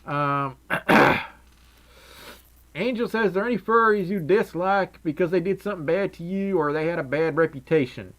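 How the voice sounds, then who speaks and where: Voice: medium pitch, moderate pace, fairly bright tone. A young adult livestreamer chatting casually with viewers in a put-on Southern drawl, rambling and laughing often. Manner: giggly, rambling, frequent laughs. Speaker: livestreamer reading chat. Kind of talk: casual live stream chat.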